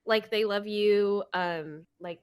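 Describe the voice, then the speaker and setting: A woman in a casual group chat, speaking softly and calmly to reassure a friend. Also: mid-range voice, slow pace, clear, resonant tone, no echo. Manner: soft, calm and reassuring. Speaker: panelist.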